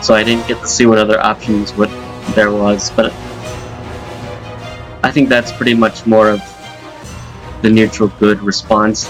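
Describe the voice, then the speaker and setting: A man giving casual, rambling gameplay commentary as a let's-play host, with quick asides and game text read aloud. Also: on the low side, level tone, poor audio. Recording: faint game music behind.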